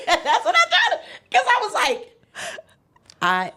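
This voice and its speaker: A woman's voice: very high-pitched, wildly swooping pitch, takes it slowly, bright, forceful tone. A woman, a guest chef, telling a personal story in a casual interview, laughing often and acting out the voices of the people she quotes. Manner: faith-filled, emphatic retelling.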